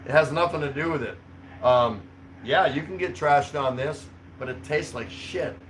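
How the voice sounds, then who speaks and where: A man's voice: on the high side, moderate pace, fairly bright tone, slight background noise, poor audio. A man hosting a livestream, reading out chat comments in a rambling, chuckling, easygoing way. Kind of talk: casual live chat. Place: home in the Philippines.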